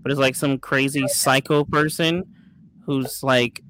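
A man's voice: mid-range voice, steady tone, unhurried, a bit bright, poor audio. A man playing a role-play game with friends, thinking aloud in a casual chat. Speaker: player.

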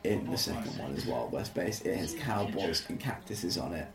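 A man's voice: deep voice, sing-song, moderate pace, gravelly, over loud music. A man chatting casually while watching a film, teasing his friend and sharing trivia, swearing now and then. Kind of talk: casual watch-along chat. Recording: roomy sound with crowd noise.

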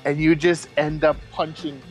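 A young man narrating a tabletop game as game master, relaxed and descriptive with fillers. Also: fairly high pitch, moderate pace, soft background music.

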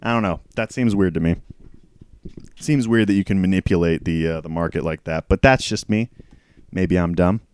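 A man's voice: low voice, moderate pace, a little mellow, clear, resonant tone, dry recording. A man telling a work story from his time as a store clerk, in a casual, profane, exasperated storytime rant that rambles along.

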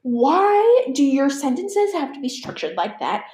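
A woman's voice: sits high, big pitch swings, unhurried, darkish tone. A teenage girl chatting casually on her own, rambling and swearing with laughing asides. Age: teens. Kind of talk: casual solo chat. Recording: echoey room.

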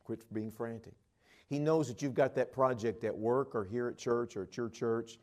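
A man preaching a sermon, telling stories and swinging between loud emphatic lines and hushed ones. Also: medium pitch, moderate pace.

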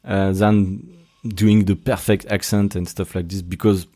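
A man's voice: sits low, little pitch movement, unhurried, dark tone. A young man from Brittany with a French accent, hosting a casual solo podcast and talking with many restarts and fillers. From Brittany, France. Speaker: podcast host.

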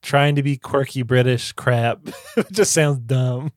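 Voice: medium pitch, unhurried, no room sound. A podcast host running a casual debate show, with wry, dry humor and frequent laughter.

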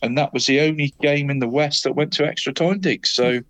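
A man's voice: on the high side, fairly quick, fairly bright tone. A man co-hosting a casual football chat, rambling through results and tagging nearly every phrase with "mate". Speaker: co-host giving local football results.

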